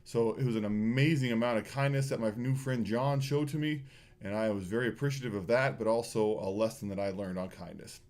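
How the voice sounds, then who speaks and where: A man telling students a personal story in a morning school address, animated and full of fillers. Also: medium pitch, fairly quick.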